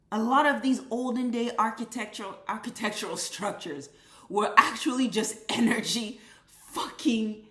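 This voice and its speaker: Woman ranting with bright, ringing tone. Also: on the high side, roomy sound. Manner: profane, emphatic, repetitive. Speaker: vlogger. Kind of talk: impassioned commentary rant.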